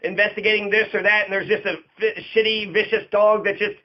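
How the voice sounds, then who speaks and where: A man with a noticeably high voice holds forth in an unscripted rant, swearing freely and repeating lines for emphasis. The recording sounds dull and lo-fi. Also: level tone, brisk. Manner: profane, emphatic and repetitive. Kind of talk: casual ranting monologue.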